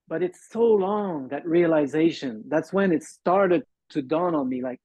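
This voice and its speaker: As an interview guest, a man from Montreal, Canada, a native French speaker, tells his recovery story on a muffled call. His slightly high voice is expressive and mellow, and the dull lo-fi call audio is dry. He comes across earnest and halting, acting out quoted lines.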